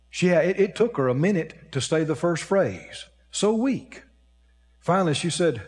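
A man preaching a sermon, telling a story with lively swings between hushed low talk and high excited bursts. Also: normal speed. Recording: reverberant hall.

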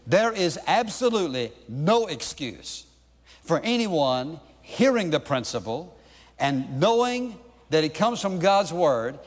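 A man's voice: a little high, in a large hall. A male pastor preaching a sermon in an emphatic way, pressing his points with repeated rhetorical questions.

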